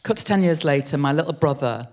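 An older woman, a writer telling an animated story on stage, acting out the voices of the people in it. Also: deep voice, fast talker. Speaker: guest writer. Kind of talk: live on-stage interview storytelling. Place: theatre stage before a live audience.

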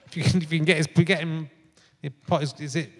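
A man's voice: a little high, steady tone, fast talker. A middle-aged man hosting a live comedy podcast in front of an audience, chatting in a bawdy, joking way and laughing often. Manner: jokey, bawdy, laughs a lot. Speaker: podcast host. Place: large live venue on stage. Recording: long hall reverb from a live venue.

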